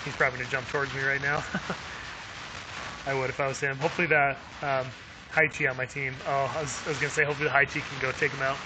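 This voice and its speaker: A man's voice: mid-range voice, little pitch movement, fast talker, background noise. A man streaming a video game live, chatting upbeat with viewers, laughing often and using lots of fillers. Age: adult with young kids. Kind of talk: live gameplay commentary.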